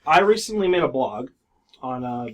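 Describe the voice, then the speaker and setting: A man's voice: medium pitch, animated, normal speed, fairly bright tone. A man hosting a casual podcast with friends, talking in a loose, jokey, rambling way with fillers. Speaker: podcast host. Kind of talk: casual chat among friends.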